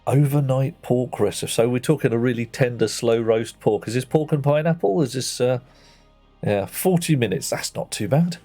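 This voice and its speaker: A man's voice: mid-range voice, moderate pace, dark tone, faint music behind. A man chatting playfully with viewers while playing a game on a livestream, greeting them by name. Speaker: streamer. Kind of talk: casual livestream chat while gaming.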